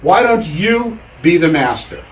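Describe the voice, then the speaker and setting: A man's voice: on the high side, animated, measured pace, pitched above the performer's own voice. A man doing a patient old Zen master. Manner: gentle, instructive. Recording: roomy hall, mic far off.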